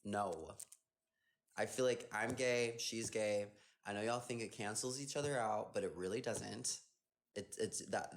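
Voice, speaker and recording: A young man chatting casually on a phone livestream, reading viewer comments aloud and answering them playfully, often trailing off mid-thought. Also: fairly low pitch. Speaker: dancer hosting an Instagram live.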